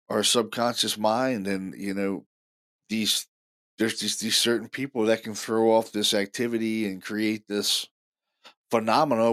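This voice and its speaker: A man hosting a paranormal show, telling stories casually in an excited, rambling way full of fillers and restarts. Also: on the low side. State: deaf in left ear. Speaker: paranormal podcast host. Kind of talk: casual storytelling monologue.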